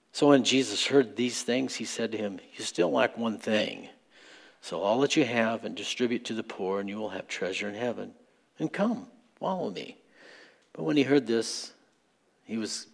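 A man's voice: mid-range voice, vocal fry. A man preaching a sermon as pastor, conversational and questioning, building to earnest appeals to the congregation. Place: church sanctuary.

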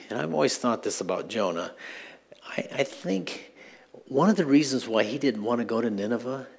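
A man preaching a sermon as pastor, in a conversational style with asides and light chuckles. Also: on the low side.

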